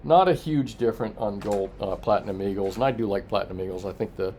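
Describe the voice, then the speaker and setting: A lower-voiced man rambles casually through an evening report, stuffing his talk with "uh"s as he reads out viewer comments. There is a faint background hum behind him. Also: fast talker, darkish tone. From Florida. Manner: chatty, rambling, full of filler "uh"s, answers viewer comments. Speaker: coin shop owner hosting a price report. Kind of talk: casual evening livestream chat.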